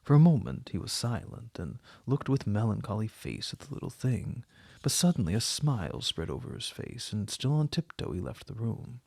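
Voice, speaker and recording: A male audiobook narrator reading a classic novel in a measured, even way. His voice has a gravelly, husky texture, and the recording is dry and close with no room sound. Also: medium pitch, no room sound. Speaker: audiobook reader.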